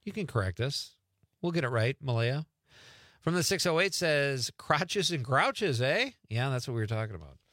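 This middle-aged radio host speaks at medium pitch into a studio microphone, with no echo. Lively and jokey, he reacts quickly while casually reading out texts from listeners.

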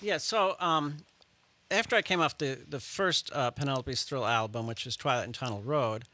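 A man speaks as a guest in a studio interview, his voice bright and forward. He rambles, stacking fillers and restarting sentences as he goes. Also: mid-range voice, normal speed. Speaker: musician guest. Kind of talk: casual interview chat. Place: radio studio.

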